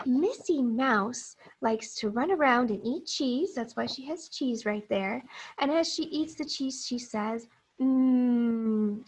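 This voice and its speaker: A woman teacher giving a phonics lesson to young children, reading a picture book aloud and modeling sounds in a slow, exaggerated, encouraging way. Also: sits high, slightly rough, rough recording.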